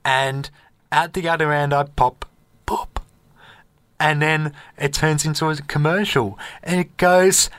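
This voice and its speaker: Radio host telling a story. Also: male voice, fairly high pitch, unhurried, dry recording. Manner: animated storyteller who acts out voices and laughs at his own tale. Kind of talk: casual on-air storytelling. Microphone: studio microphone.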